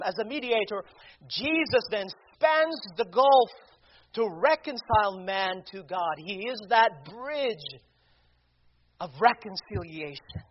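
A man preaching a sermon, deliberate and emphatic, asking rhetorical questions. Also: sits high, animated. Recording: dull lo-fi recording.

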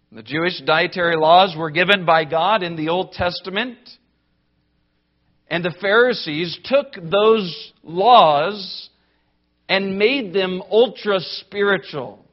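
A man preaching a sermon in an emphatic, deliberate way, building points through rhetorical lists. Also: high voice, muffled recording. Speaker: pastor.

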